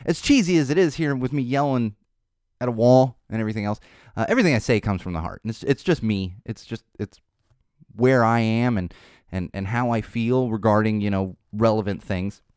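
A man's voice: fairly low pitch, a little fast, a little mellow, clear, resonant tone, no room sound, clean studio sound. A tired man hosting a podcast, rambling off the cuff with tangents in a casual unscripted monologue. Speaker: podcast host.

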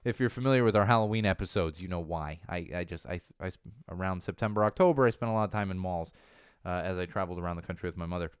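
Casual male podcast host, smooth voice. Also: deep voice, fast, no room sound, studio quality. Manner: rambling, lots of fillers and restarts. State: slightly losing his voice.

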